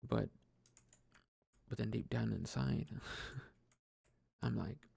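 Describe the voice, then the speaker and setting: A man's voice: mid-range voice, expressive, drawn-out words, creaky, pauses often, warm tone, husky, dry recording. A young man talking casually and openly to himself, rambling with many restarts and frequent laughs. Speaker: podcast host. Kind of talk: casual personal monologue.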